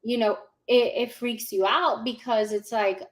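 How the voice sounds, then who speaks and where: Lively mom in her 40s telling her story in an interview, kinda high voice, laughs between lines and acts out what folks said. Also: unhurried. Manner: animated, laughs often, acts out what people said. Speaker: guest giving a testimonial.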